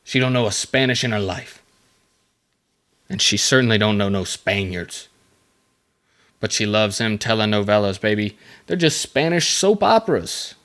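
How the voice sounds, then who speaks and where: A man with a slightly low voice hosts a casual solo podcast. He reads facts from a script, then wanders into loose, joking tangents. He stumbles and circles back often along the way. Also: animated, fairly bright tone. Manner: reads facts aloud, then breaks off into rambling jokey asides; halting, with many fillers and restarts. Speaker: podcast host.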